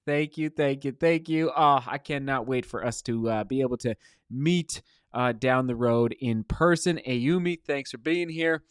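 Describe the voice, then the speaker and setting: A man's voice: medium pitch, measured pace, clear, resonant tone, no room sound, studio quality. Upbeat man hosting a live stream. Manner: upbeat, greets viewers by name. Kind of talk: casual live-stream chat. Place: motel room.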